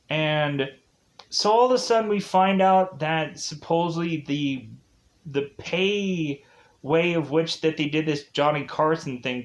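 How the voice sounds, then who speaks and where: A man casually retelling comedy sketches in a rambling spoken review, full of fillers and bursts of laughter. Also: a little high. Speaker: show reviewer.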